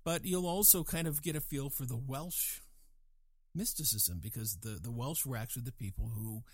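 A man musing in a casual monologue, digressive and animated, with chuckling asides. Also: medium pitch, moderate pace, breathy edge, dry recording.

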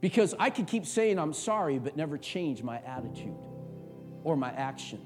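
A middle-aged male pastor preaching a sermon, swinging from quiet talk to shouted, impassioned passages. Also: fairly high pitch, big pitch swings, normal speed, music in the background.

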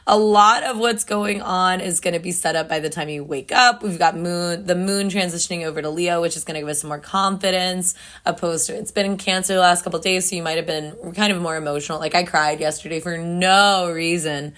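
A woman's voice: on the low side, a little fast, fairly bright tone. A young woman hosting a casual solo morning podcast, chatty and self-deprecating, laughing often, still waking up without her coffee. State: just woke up, no coffee yet. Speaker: podcast host.

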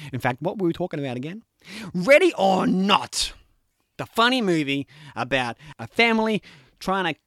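A young man with a high, light voice tells a story in a loose, animated ramble, full of "like" and "you know." His voice rises and falls as he talks. The recording is dry, with no room sound. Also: dry recording. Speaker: podcast talker recapping films. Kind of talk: casual chat.

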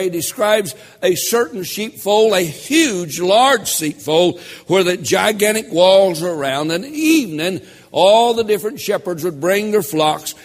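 A man preaching a sermon as pastor, slow and emphatic with dramatic pauses and rising emphasis. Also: high voice. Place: church sanctuary. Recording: echoey church hall.

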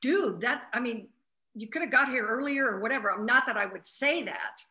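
A woman's voice: a little high, moderate pace. A woman, a flight attendant, telling a story in casual spiritual conversation and acting out the quoted voices. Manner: animated retelling, acts out quotes.

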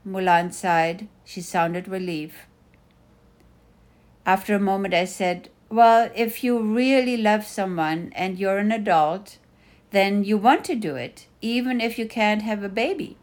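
A woman's voice: medium pitch, unhurried. A middle-aged woman reading her own first-person memoir with dry, wry storytelling. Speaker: mother narrating a personal story.

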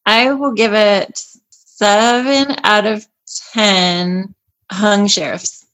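A woman's voice: mid-range voice, steady tone, very slow, fairly bright tone, rough recording. A woman co-hosting a casual movie review podcast, making wry, dry asides. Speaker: podcast co-host.

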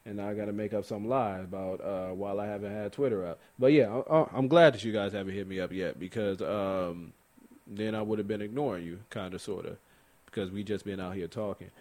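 A young man from Sacramento co-hosting a sports podcast, talking in an animated, laughing way with many restarts. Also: on the low side, fairly quick. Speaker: podcast co-host. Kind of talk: casual sports chat.

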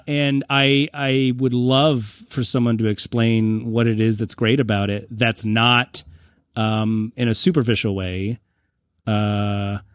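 A man's voice: medium pitch, dry recording, studio quality. A man co-hosting a podcast in casual chat, rambling with restarts and laughing often. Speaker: podcast co-host.

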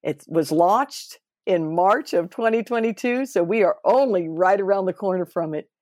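A woman hosting a podcast interview, bubbly and expressive, her voice swooping up when she gets excited. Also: medium pitch, normal speed, dry recording, studio quality. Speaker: podcast host.

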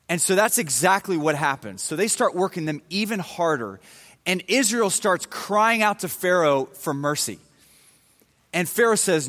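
A man's voice: high-pitched, animated, normal speed, fairly bright tone. A man preaching a sermon, retelling a Bible story in a casual, conversational way with everyday slang. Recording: long hall reverb.

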